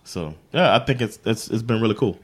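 A man's voice: lowish voice, expressive, a little fast, slightly rough. A man co-hosting a podcast, chatting in an enthusiastic, filler-heavy way. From Sweden. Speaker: podcast co-host. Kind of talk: casual chat.

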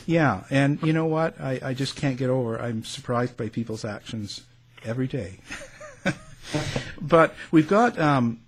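A man's voice: mid-range voice, expressive, a little hiss or hum. A man with a Canadian accent hosting an interview, rambling with plenty of fillers. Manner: rambling, filler-heavy, quick to laugh. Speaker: show host. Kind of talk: casual interview chat.

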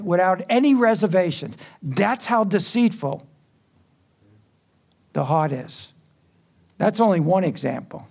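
Gravelly man preaching a sermon. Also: sits high, expressive, unhurried, a little mellow. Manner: conversational, quipping asides to the congregation.

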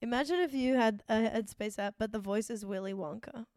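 A woman's voice: a little high, no room sound, studio quality. A woman chatting casually and animatedly, teasing and laughing often. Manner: animated, laughing, quick to tease. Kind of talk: casual chat.

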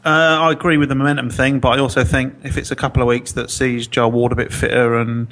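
A man trading jokes and quick banter as a podcast co-host. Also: medium pitch, little pitch movement, fairly bright tone. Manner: jokey, quick, teasing. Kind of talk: casual banter.

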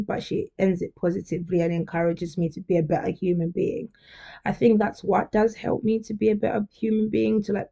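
Gravelly, mellow woman podcaster. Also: fairly low pitch, dull audio. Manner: chatty and candid, laughs often, turns emotional. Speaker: podcast host. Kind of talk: casual solo podcast monologue.

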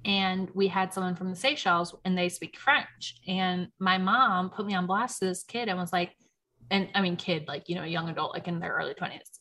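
Bright-voiced woman gossiping, laughing often. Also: on the low side, a little fast. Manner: animated storyteller, heavy on "like", laughs often. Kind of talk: casual chat recapping a reality show.

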